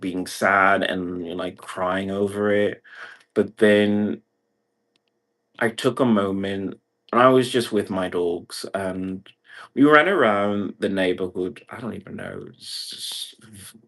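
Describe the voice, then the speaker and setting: A man's voice: lowish voice, takes it slowly, fairly bright tone. A man from Brazil talking in a meandering livestream monologue, packing nearly every phrase with "like" and other fillers. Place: indoor room.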